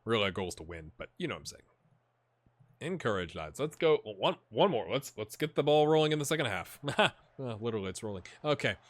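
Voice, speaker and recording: A man hosting a gaming video, chatting and reacting excitedly as he plays a football management game. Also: medium pitch, brisk, no echo. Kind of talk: live commentary while playing a football management game.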